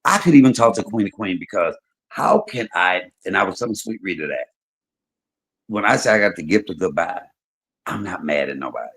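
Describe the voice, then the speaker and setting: Low-voiced guy hosting a live chat, super animated storytelling, voice jumps all over. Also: fairly quick. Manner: animated storytelling, swinging between loud and soft. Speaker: livestream host. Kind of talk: casual chat.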